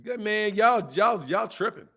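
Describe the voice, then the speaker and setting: A man hosting a boxing channel rants to his viewers, heated and profane, hammering his points over and over and reading viewer comments aloud. His voice is high, animated, a little slow, gravelly and bright, with a forceful tone.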